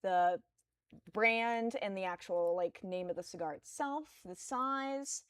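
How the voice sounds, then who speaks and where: Brisk woman explaining the schedule. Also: medium pitch, clear, resonant tone, dry recording, clean studio sound. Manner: brisk, explaining plans step by step. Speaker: stream co-host. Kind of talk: casual live-stream chat.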